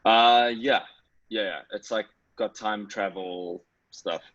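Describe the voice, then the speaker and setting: A young man with a husky voice, chatting casually in a laid-back way and chuckling. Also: fairly low pitch, fairly even intonation, slow, a bit bright. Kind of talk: casual chat. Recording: dull, dry lo-fi audio.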